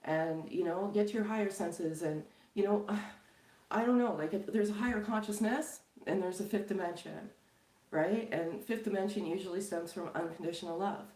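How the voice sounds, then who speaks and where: A woman's voice: mid-range voice, moderate pace, dark tone. A middle-aged woman from Canada, a tarot reader chatting casually and loosely to her viewers, with many fillers and frequent laughs. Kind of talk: casual spiritual chat to viewers. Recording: echoey room.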